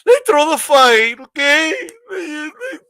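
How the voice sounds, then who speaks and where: A man putting on the voice of a whiny, sobbing adult male boxing fan who shouts his complaints. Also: sing-song, slow pace, no room sound, clean studio sound, heavily acted. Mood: sobbing whine. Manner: crying, shouty, high-pitched complaining.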